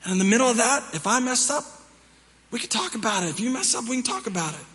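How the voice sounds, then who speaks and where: A man's voice: extremely high pitch, expressive, fast, fairly bright tone. Male pastor, conversational sermon, repeats lines for emphasis; reverberant church hall. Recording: reverberant hall with music behind.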